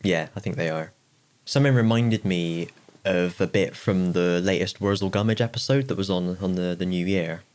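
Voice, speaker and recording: A man with a lowish voice chats casually as a podcast co-host. He laughs a lot and gets animated retelling funny scenes from shows. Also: normal speed. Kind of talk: casual chat.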